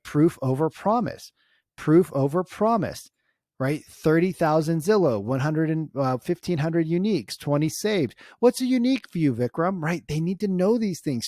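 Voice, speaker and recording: A man coaching real estate agents in a casual walkthrough, energetic and constantly tagging his points with "right?". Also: mid-range voice, dry recording, studio quality. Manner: acts out client conversations in storytelling bursts.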